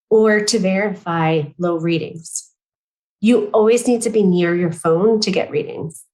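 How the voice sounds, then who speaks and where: A woman nearing forty reading a prepared conference talk in a measured, careful way, now and then clearing her throat and correcting herself. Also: mid-range voice, poor audio. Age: late 30s. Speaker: patient speaker at a medical conference.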